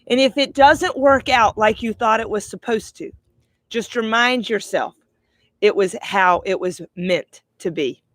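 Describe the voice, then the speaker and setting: A middle-aged woman life coach giving a heartfelt, reflective monologue, slowing down for emphasis. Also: fairly high pitch, fairly bright tone, dry recording. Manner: heartfelt, slow and emphatic in places. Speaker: life coach, podcast host.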